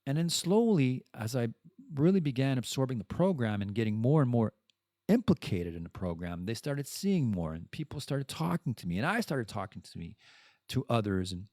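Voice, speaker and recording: A man's voice: medium pitch, very animated, normal speed, warm tone, no echo, studio quality. A French-speaking man hosting a podcast, talking candidly and bluntly in a personal monologue and swearing freely. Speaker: podcast host.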